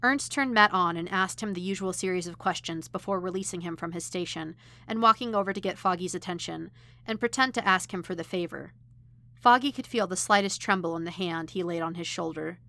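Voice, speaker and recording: A woman narrating a fan fiction story in an expressive, lively reading. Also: fairly low pitch. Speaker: podfic reader.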